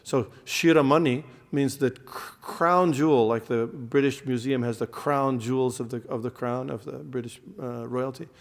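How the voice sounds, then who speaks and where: Male lecturer, mid pitch, teaching a temple class. Explains terms, quizzes the room. Long hall reverb. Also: steady tone, moderate pace, vocal fry, hardly any pauses. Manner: explains terms, quizzes the audience, frequent fillers and restarts.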